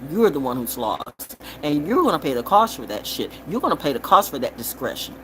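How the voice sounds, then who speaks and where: A woman reading tarot in a rambling, profane freestyle monologue. She swings from loud outbursts to low mutters and keeps repeating and rhyming phrases. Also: big pitch swings, a little fast, slight background noise. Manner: profane and confrontational. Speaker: tarot reader and vlogger.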